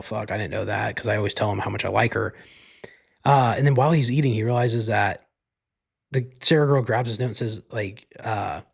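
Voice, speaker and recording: A man hosting his podcast, casually retelling a movie plot in a rambling way, full of fillers and casual swearing. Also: fairly low pitch. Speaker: podcast host.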